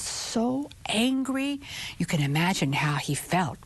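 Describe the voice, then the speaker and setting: A woman storyteller telling a children's folktale with expressive, drawn-out phrasing and sudden whispered asides. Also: medium pitch, husky.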